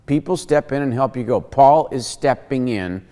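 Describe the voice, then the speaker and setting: A man's voice: medium pitch, normal speed, long reverb tail. A man hosting a casual Bible teaching show, joking and acting out quotes as he explains. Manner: animated, joking, acts out quotes.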